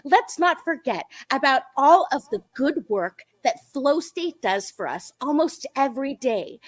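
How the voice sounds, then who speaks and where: A woman gushes through a tongue-in-cheek promo pitch. Her voice sits high and swoops up and down with exaggerated cheer. The sound is close and dry, like a home call microphone. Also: dry recording. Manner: sugary, over-the-top salesy delivery. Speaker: panelist. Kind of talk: mock channel promo read.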